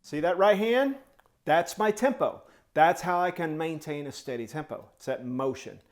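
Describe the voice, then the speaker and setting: A man's voice: a little high, expressive, moderate pace, very noisy. A man teaching snare drum step by step, singing the rhythms in syllables, counting off tempos and encouraging his students. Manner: coaching and encouraging. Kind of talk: step-by-step music tutorial.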